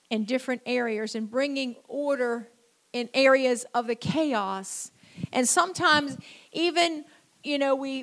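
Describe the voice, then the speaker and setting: A middle-aged woman preacher giving a sermon in a conversational storytelling way, with frequent "you know" and slow, repeated phrases for emphasis. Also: sits high, a bit bright.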